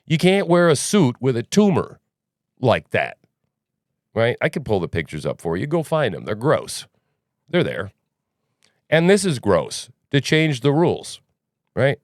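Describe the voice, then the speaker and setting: Animated, rambling male podcast host. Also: mid-range voice, unhurried, long pauses, dry recording, studio quality. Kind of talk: casual news commentary.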